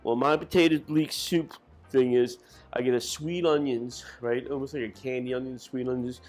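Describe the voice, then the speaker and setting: A man's voice: medium pitch, steady tone, normal speed, darkish tone, soft background music. A man giving a casual cooking demonstration in a kitchen, rambling and correcting himself as he goes. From Irish family. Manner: rambling, self-correcting, folksy. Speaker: cook.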